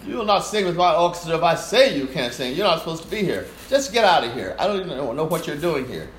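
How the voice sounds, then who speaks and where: A man acting out an arrogant orchestra conductor who speaks high and loud, blustering. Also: lively intonation, fairly quick, reverberant, a little hiss or hum. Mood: barking. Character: arrogant male orchestra conductor, later fawning.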